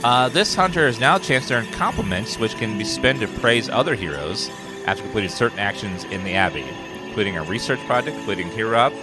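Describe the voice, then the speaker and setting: Gaming streamer, relaxed man, low pitch, music in background. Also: fast talker. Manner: relaxed, reads game text aloud, swears when excited. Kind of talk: casual gameplay commentary. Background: game music and sounds.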